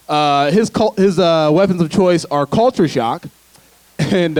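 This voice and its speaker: Man, stand-up comic, fairly high-pitched, chatty asides to the audience, dry sound. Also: animated, unhurried, darkish tone, dry recording. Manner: loose, conversational delivery with frequent laughs and asides to the crowd. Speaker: stand-up comedian. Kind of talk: stand-up comedy set. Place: theater stage before a live audience.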